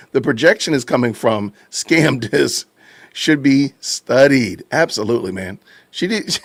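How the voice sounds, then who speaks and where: A man hosting a podcast livestream, reacting to clips and thanking viewers in animated, casual talk. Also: medium pitch, no echo. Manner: animated, addresses chat casually. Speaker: podcast host. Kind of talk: livestream commentary.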